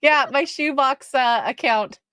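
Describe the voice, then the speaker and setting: A woman co-hosting a casual chat show, with a lively, chatty, self-deprecating manner. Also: high-pitched, unhurried, no room sound. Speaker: podcast co-host.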